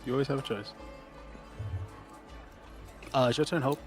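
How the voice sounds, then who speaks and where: A man playing in a tabletop game, excitable and swearing as he cheers the others on. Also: mid-range voice, normal speed, faint music behind. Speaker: player. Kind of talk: casual chat at a game table.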